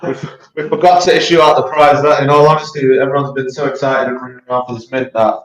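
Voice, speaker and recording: A man's voice: medium pitch, fairly even intonation, fast. A man with a British accent hosting a casual community chat, talkative, with many restarts and easy laughs. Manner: chatty, repeats words, laughs easily. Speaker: project team member hosting community AMA. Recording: echoey voice chat.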